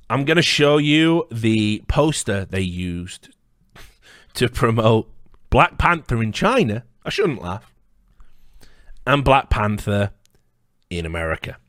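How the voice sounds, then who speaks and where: A man's voice: lowish voice, animated, slow pace, long pauses, fairly bright tone, dry recording, clean studio sound. A man hosting a commentary video, delivering an angry rant full of swearing and rhetorical questions.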